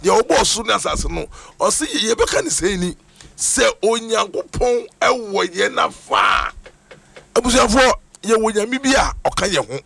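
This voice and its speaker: A man's voice: sits high, sing-song, measured pace, gravelly, sharp tone. A man preaching steadily, addressing listeners as family. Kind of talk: sermon.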